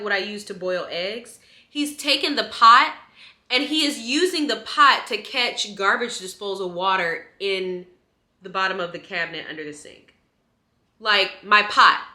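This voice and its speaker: Chatty young woman telling a story. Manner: chatty, animated storytelling, rising high when indignant. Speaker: vlogger. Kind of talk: casual storytime chat. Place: small studio apartment kitchen, indoors. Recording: echoey room.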